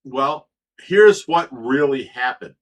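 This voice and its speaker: A man's voice: medium pitch, lively intonation, takes it slowly. A middle-aged man from Ohio hosting a livestream, telling a story casually, swearing freely and stammering over repeated words. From Ohio, USA. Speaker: livestream host.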